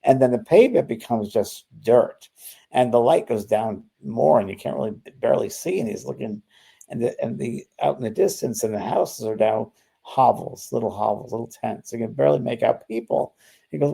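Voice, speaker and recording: An older man speaks in a relaxed, mellow tone with a gravelly edge. He tells a spiritual story in loose, unscripted talk, often stumbling and restarting mid-sentence. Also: mid-range voice, brisk. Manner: storytelling with many restarts and fillers. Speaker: spiritual medium, co-host. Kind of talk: casual spiritual conversation.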